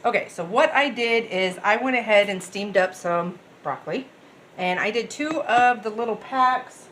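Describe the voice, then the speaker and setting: A woman's voice: mid-range voice, normal speed, a bit bright, a little hiss or hum. A woman, chatting casually and rambling cheerfully to her viewers as she cooks in her home kitchen. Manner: bubbly, rambling, talks straight to viewers. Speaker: cooking vlogger. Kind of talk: casual chatty cooking vlog.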